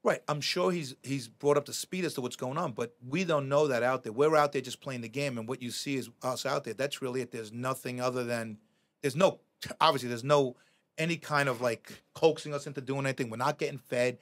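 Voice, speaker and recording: A middle-aged man, a podcast guest telling animated stories, swearing freely and acting out quoted lines. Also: mid-range voice, brisk. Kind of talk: casual storytelling.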